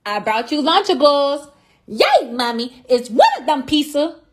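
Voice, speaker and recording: A woman's voice: high-pitched, sing-song, a little slow. A woman voicing a patient, tired mother in a comedy skit. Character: patient tired mom of bickering kids.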